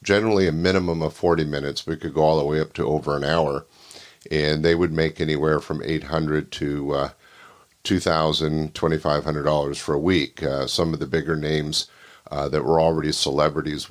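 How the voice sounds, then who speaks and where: An older man hosting a comedy show, introducing the next act in a relaxed way with lots of filler words. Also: extremely low pitch, fairly quick. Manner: relaxed, filler-heavy talk. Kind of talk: casual introduction.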